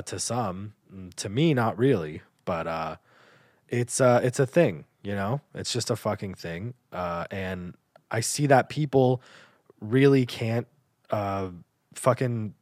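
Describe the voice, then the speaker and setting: A man with a lowish voice hosting his podcast, swearing freely as he rambles through a casual monologue. He hesitates often and fills gaps with stray filler sounds. The recording is close and dry. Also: dry recording. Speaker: podcast host.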